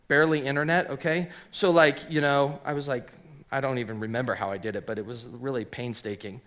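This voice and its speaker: A middle-aged man who owns a hat shop, telling his personal story as an animated storyteller, acting out the voices of people he quotes and often saying um and like. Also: a little high. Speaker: hat maker and shop owner.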